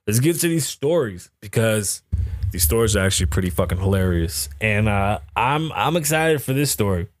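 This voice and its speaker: Over loud music, a man with a fairly low voice hosts a podcast at a moderate pace. His casual commentary is full of profanity, meandering asides and laughter at strange news items.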